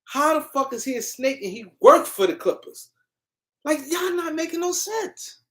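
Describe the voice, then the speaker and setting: This is a woman with a slightly high voice, hosting a sports commentary stream. She argues heatedly with her viewers, circling back to her points with repetitive insistence. Her delivery is loose and unscripted. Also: animated, normal speed. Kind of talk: live-stream sports rant.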